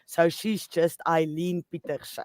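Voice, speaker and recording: Slow, giggly South African woman. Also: lowish voice, fairly even intonation, a little mellow. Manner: giggly, apologetic. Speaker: co-host. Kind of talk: casual chat.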